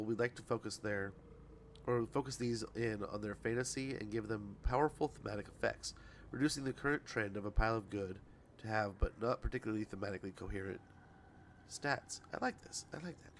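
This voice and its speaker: A man's voice: mid-range voice, slight background noise. A man in his livestream chat, reading patch notes aloud in an ordinary, mid-range voice. He rambles, trips over words and laughs at his own slips as he goes. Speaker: streamer.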